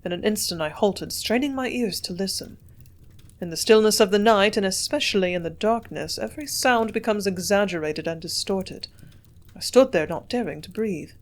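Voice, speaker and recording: A woman narrating a classic novel in a measured, steady way, at an ordinary middle pitch. Her reading is even and unhurried, suited to a long audiobook chapter. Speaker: audiobook reader.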